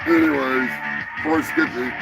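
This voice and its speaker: Guy hosting a live show, swears nonstop, rambles loud then mumbles, music going under him. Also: medium pitch, fairly even intonation, measured pace, gravelly, low-quality recording. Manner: profane, rambling, swings between loud outbursts and mumbling asides. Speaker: show host. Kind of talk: crude live-stream rant.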